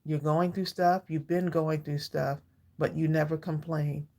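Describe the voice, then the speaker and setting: A woman in her sixties with a gravelly, somewhat low voice, hosting a live stream. She talks in a heartfelt, chatty way, answers her viewers by name and breaks into laughter often. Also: flat delivery, a little slow, warm tone. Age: 60s. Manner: heartfelt, chatty, reads viewers' comments aloud and greets them by name; laughs often between thoughts. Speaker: livestream craft channel host.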